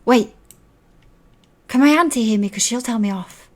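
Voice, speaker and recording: A woman's voice: a little high, moderate pace, a little mellow, voice pushed up, natural voice. A woman voicing an eager young girl who is thrilled to be doing magic. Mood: excited. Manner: eager, squealing, chatty.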